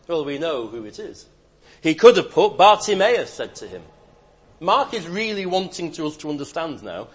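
Emphatic husky-voiced male preacher. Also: on the high side, big pitch swings, a little slow, long pauses. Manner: emphatic, wide swings between loud declarations and hushed asides. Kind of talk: sermon.

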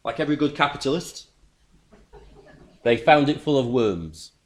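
A man's voice: mid-range voice, expressive, moderate pace. Earnest preacher man. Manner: earnest, emphatic, repeats words when building a point. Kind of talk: sermon.

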